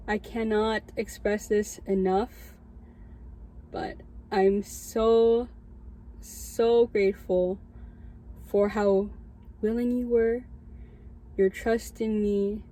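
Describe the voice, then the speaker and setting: A woman's voice: on the high side, warm tone, low-quality recording. A young woman, a student chaplain, sharing a heartfelt personal testimony, emotional and near tears, speaking from her car. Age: young adult. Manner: heartfelt, tearful, laughing. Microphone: camera in a car.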